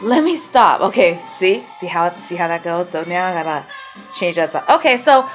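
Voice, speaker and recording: A woman's voice: lowish voice, animated, moderate pace, faint music behind. A woman telling her own life story as a mother, emotional and rambling, speaking bluntly and swearing.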